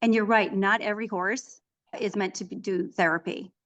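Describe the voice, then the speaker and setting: A middle-aged woman talking casually as a guest in an interview. She tells her stories in an animated, chatty way, often restarting her sentences. Her voice sits at an ordinary middle pitch. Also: normal speed, highs cut off. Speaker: author and equine therapist, guest.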